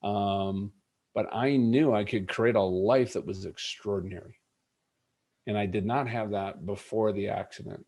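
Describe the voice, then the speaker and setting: Low-voiced middle-aged man telling a story. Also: unhurried. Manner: earnest, animated storyteller acting out dialogue. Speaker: interview guest. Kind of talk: personal storytelling in an interview.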